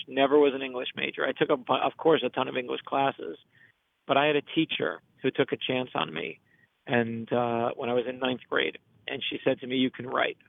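Gravelly man talking over a phone line. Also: medium pitch, dry recording. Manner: earnest, animated storyteller acting out quotes. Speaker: author and guest. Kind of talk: casual interview storytelling.

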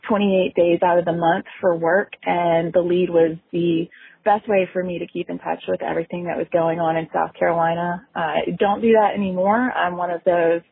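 A woman's voicemail comes through a thin, phone-line sound. Her voice is very raspy and gravelly with a lowish pitch. She speaks in a friendly, slightly halting way. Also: little pitch movement, no echo. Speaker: voicemail caller. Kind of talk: recorded voicemail message.

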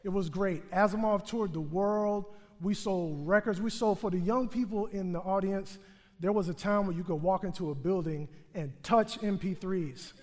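Brief: male stage storyteller, funny and self-deprecating, voice ringing through a big theater. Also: high voice. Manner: humorous, self-mocking, animated delivery. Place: theater stage before a live audience. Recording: long theater hall reverb.

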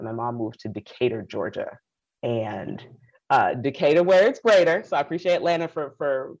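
A woman's voice: very deep voice, slightly rough. Passionate Haitian-born woman storyteller. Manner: passionate, animated, acts out quoted voices. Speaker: speaker telling her life story. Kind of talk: personal storytelling talk. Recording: dull lo-fi recording.

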